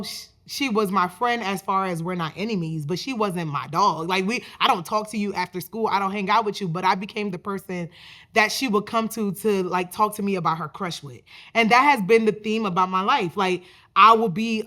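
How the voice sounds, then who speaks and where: A woman in her twenties hosts her own podcast, telling a personal story in a loose, chatty monologue. She talks in an animated way, full of "like" and restarts, at a middle pitch. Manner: chatty, animated, many fillers like "like". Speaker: podcast host.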